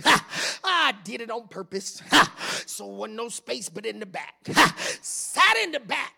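A man preaching a whooping sermon, chanting and shouting, with a gasped "ha" after every phrase. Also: very high-pitched, big pitch swings, measured pace, gravelly.

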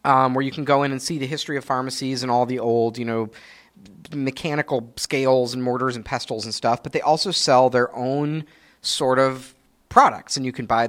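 Bright-voiced man rambling crudely. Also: mid-range voice. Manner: rambling, lots of fillers and crude jokes. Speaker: podcast co-host. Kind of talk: casual comedic chat.

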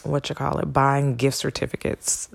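A woman's voice: little pitch movement, moderate pace, no echo. A woman hosting a casual solo podcast as a spiritual healer, talking candidly and swearing freely. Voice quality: gravelly low voice.

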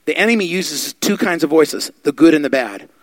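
A man preaching a sermon, fervent and building to loud exhortation. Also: a little high, lively intonation, moderate pace, dry recording.

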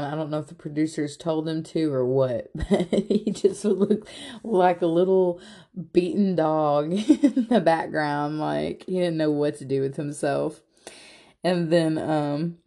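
A woman recaps drama in a blunt, profane, gossipy way. Her voice is low, mellow and unhurried, and she delivers the story at a slow, casual pace. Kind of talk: casual reality-show recap.

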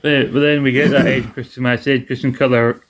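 A man's voice: medium pitch, little pitch movement, brisk. A man co-hosting a casual podcast, chatty, laughing often and swearing now and then. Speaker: podcast co-host. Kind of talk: casual chat recapping wrestling.

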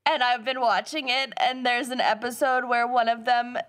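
A woman co-hosting a podcast in casual chat, telling stories in a giggly, animated way. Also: a little high, normal speed. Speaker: podcast co-host.

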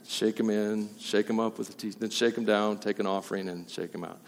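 A man's voice: lowish voice, lively intonation, a little fast, few pauses. Emphatic preacher man in a reverberant hall. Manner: emphatic, jokey asides, swings between loud and quiet. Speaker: pastor. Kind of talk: sermon. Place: church hall.

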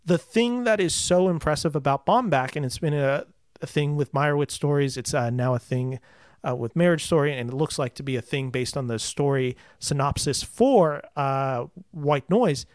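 A young man hosting a podcast chats casually about movies, enthusiastic and rambling with fillers. His voice is a little high with a darkish tone at a moderate pace, in a dry, clean studio recording.

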